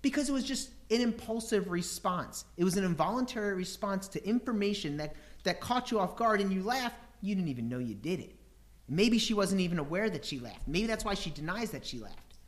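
This preacher, high-pitched and talking a little fast, animates his scripture lesson with rhetorical questions. He dramatizes his points by acting out voices and breaking into laughter.

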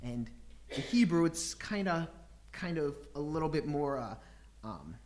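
A man's voice: fairly high pitch, expressive, a little slow, a little mellow. A man preaching a sermon, teaching scripture with rhetorical questions and acting out voices and laughter.

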